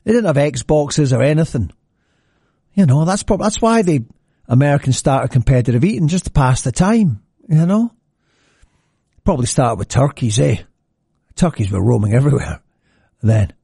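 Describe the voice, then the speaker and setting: A man's voice: medium pitch, animated, normal speed, gravelly, long pauses, dark tone, slightly rough, no room sound, clean studio sound. A man hosting a morning radio show, chatting in a casual, jokey way and slipping into silly voices. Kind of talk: casual radio patter with traffic and comic history. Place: radio studio. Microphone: close studio mic.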